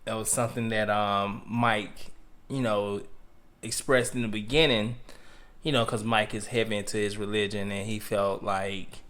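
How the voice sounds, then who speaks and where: A man's voice: fairly low pitch, fairly even intonation, normal speed, fairly bright tone. A man co-hosting a podcast, telling a funny behind-the-scenes story in loose, profane casual chat and laughing along. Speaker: podcast co-host.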